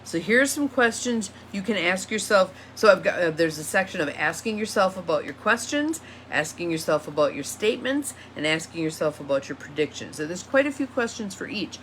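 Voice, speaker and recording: A woman with a fairly low voice gives a relaxed coaching talk. She reads reflective questions out loud and goes back over them. A faint hiss of noise sits behind her. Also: a little fast, few pauses. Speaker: empowerment coach. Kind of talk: casual teaching monologue.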